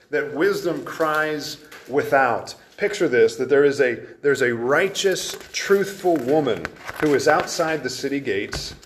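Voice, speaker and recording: A man's voice: medium pitch, slight background noise. A man preaching an expository sermon in an earnest, emphatic way, with frequent restarts as he explains the verses.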